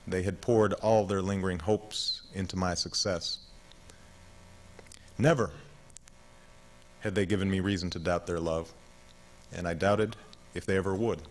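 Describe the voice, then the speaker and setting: A man in his thirties reads his own memoir aloud in a measured, reflective audiobook narration. His voice sits low and steady, unhurried and thoughtful. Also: rough recording. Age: 30s.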